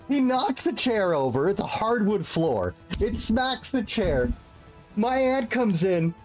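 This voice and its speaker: A man streaming, telling a long rambling story in casual chat. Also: high-pitched. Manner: animated, rambling, lots of restarts.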